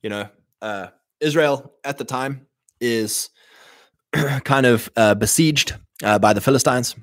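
A man's voice: mid-range voice, takes it slowly, no echo. Male host, rambling livestream talk, dry close mic. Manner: rambling, repeats himself, many fillers. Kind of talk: casual livestream commentary.

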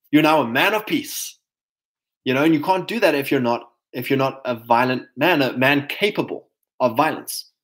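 A man in his thirties hosting a casual livestream, talking emphatically and reading chat comments aloud. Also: a little high. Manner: emphatic, mocking voices of others, reads chat comments aloud.

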